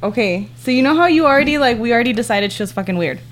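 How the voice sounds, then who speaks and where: A woman's voice: fairly high pitch, rapid-fire. Give me a profane young woman telling a story. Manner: profane, heavy use of "like", animated retelling. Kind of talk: casual chat.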